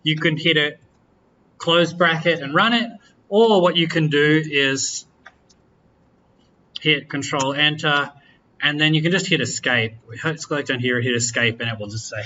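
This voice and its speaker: Male lecturer, casual and joking, tense bright tone, lo-fi classroom capture. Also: fairly high pitch, unhurried, slight background noise. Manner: relaxed, chatty, self-correcting, jokes with students. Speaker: university lecturer. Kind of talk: classroom software walkthrough. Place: lecture room.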